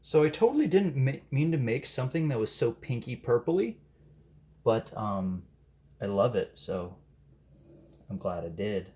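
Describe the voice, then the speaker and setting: Male craft host with a hugely animated, swinging pitch, excitable and gushing, chatty and self-deprecating. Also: unhurried, long pauses, slightly rough. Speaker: paint-pouring channel host. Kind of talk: casual narration while painting.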